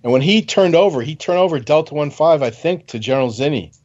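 A man's voice: on the high side, expressive, fast talker, darkish tone, dull audio. An older man, a retired officer on a radio panel, telling chatty anecdotes and laughing at his own stories.

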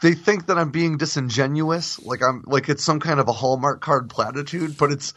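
A man in his thirties with a bright, sharp-edged voice talks in an easygoing chat. He is earnest, thinks aloud with a few fillers and laughs easily. The recording is close and dry. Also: fairly high pitch, normal speed, no room sound. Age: 30s. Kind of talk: casual chat.

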